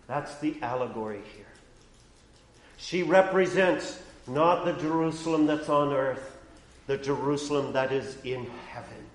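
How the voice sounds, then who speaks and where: Man, pastor, sermon, slow delivery, roomy church echo. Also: mid-range voice. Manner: preaching with sharp swings from hushed to loud.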